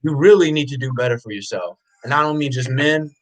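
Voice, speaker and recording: A man's voice: medium pitch, fairly quick, low-quality recording. A man giving a blunt, unscripted motivational rant, preaching intensely, hammering the same questions over and over, swearing and often raising his voice. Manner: blunt and profane. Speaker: motivational vlogger.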